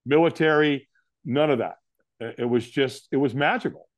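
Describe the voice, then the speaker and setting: A man's voice: normal speed, no echo. A middle-aged man, a guest in an interview, telling a story and acting out what people said to him. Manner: animated, acts out quotes with big pitch jumps.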